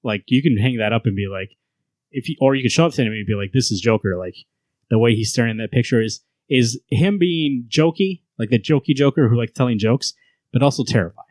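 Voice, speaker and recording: A man's voice: medium pitch, animated, a little fast, darkish tone, no echo. A man hosting a casual comic book podcast, retelling scenes in a rambling way and laughing as he goes. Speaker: podcast host.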